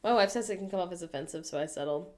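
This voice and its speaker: An American woman hosting a casual livestream, chatting playfully and reading viewers' messages aloud with animated, self-mocking humor. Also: on the low side, racing. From United States. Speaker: livestream host reading chat. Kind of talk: casual chat.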